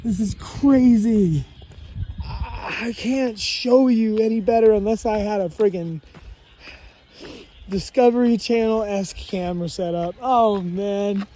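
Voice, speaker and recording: Slow-talking awestruck hiker on the trail. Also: mid-range voice, mellow, a little hiss or hum. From Washington state. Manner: awestruck, exclaims often, rambling. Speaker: long-distance hiker. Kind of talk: walking trail vlog, thinking aloud. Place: outdoors on a mountain trail.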